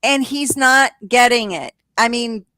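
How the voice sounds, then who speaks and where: A woman co-hosting a podcast, telling the story of a show in a casual, profane, animated way. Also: on the high side, measured pace, no echo, studio quality. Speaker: podcast co-host. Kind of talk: casual chat recapping a reality show.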